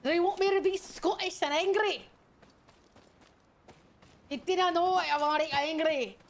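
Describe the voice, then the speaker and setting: A young woman streaming a game, chatting casually with crude, teasing humor and loud bursts of laughter. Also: very high-pitched, a little slow.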